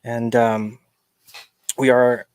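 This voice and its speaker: A man's voice: mid-range voice, flat delivery, drawn-out words, smooth, no echo. Chatty male podcast host, dry sound. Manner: chatty and joking, greets viewers, many fillers. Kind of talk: casual livestream podcast chat.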